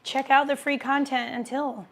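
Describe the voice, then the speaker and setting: A chatty woman hosting a casual livestream, answering viewer comments while she eats. Her voice sits a bit high and carries a gravelly, fry-tinged edge. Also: little pitch movement, moderate pace. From American Midwest. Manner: chatty, reads comments aloud, talks while eating.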